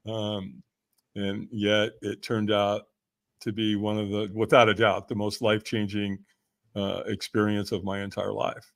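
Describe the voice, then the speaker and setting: A man's voice: on the low side, flat delivery, unhurried, creaky, long pauses, a bit bright. An older man, a guest in an interview, telling a story with a lot of energy, acting out the voices in it and laughing often. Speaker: podcast guest, personal development speaker.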